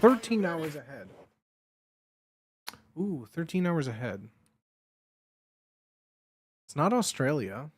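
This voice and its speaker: A young man livestreaming from home and chatting casually with his viewers. He rambles excitably and swears freely. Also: on the high side, slow pace, pauses often, soft background music. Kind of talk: casual stream chat.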